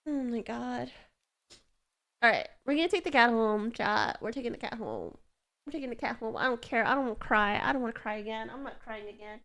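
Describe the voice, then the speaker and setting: A woman's voice: animated, fairly quick, fairly bright tone. A woman streamer reading a story game aloud and chatting to her viewers, gushing and emotional. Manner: emotional, gushing, high squeals when moved. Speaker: gaming streamer.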